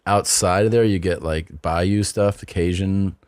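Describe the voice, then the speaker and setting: A very deep-voiced man co-hosting a comedy podcast, telling long rambling stories in an unhurried, loose way. He swears casually. The close studio mic sounds dry with no room around it. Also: fairly even intonation, a little mellow, smooth, dry recording. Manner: laid-back, rambling storyteller, swears freely. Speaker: podcast co-host.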